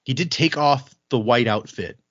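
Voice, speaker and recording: A man co-hosting a casual book podcast, recapping the plot in a chatty way and acting out quick bits of dialogue. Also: mid-range voice, a bit bright, dry recording, lo-fi sound. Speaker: podcast co-host.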